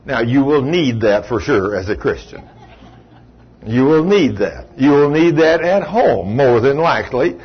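A man preaching a sermon in an animated storytelling way, acting out the voices he quotes, on a dull lo-fi recording. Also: medium pitch, measured pace, slightly rough.

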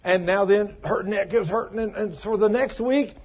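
Folksy preacher, husky and muffled. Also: male voice, high-pitched, moderate pace. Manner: folksy storytelling preacher, acts out dialogue. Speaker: pastor. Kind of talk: sermon. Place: small church.

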